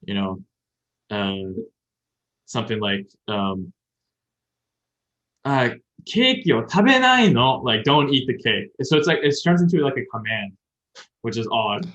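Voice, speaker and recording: A man on a Japanese-teaching podcast talks through grammar at length, casual and thinking aloud, pausing often. His voice is lowish and a bit bright at a moderate pace, with dull lo-fi recording quality.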